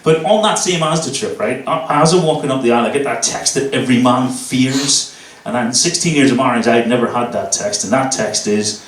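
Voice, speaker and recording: Here a man from Northern Ireland, in his thirties, performs stand-up, cursing and spinning lively tales at a brisk clip in a medium-pitched voice. There's a little hiss or hum, plus echo from the room and a distant microphone.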